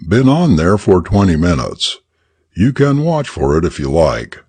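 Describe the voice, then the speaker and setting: A man's voice: low voice, big pitch swings, a little slow, darkish tone, husky, exaggerated voice. A man voicing a tired night-shift monitor operator talking offhandedly. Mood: offhand.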